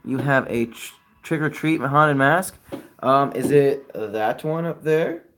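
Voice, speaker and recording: A man's voice: medium pitch, slow, a bit bright, slight background noise. A young man in his twenties hosting a casual live stream, chatting with viewers and giving friendly advice.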